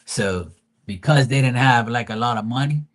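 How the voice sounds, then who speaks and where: A man's voice: medium pitch, moderate pace. A man hosting a livestream, telling rambling family stories in a blunt, teasing way and swearing freely. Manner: rambling with many fillers and asides. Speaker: tarot reader and livestream host. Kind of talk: casual storytelling.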